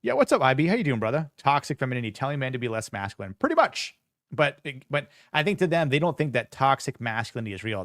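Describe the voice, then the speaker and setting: A man's voice: lowish voice, a bit bright, no room sound, studio quality. A man in his forties hosting a live podcast, talking casually with many fillers and sarcastic asides. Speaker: podcast host. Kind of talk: casual live-stream commentary.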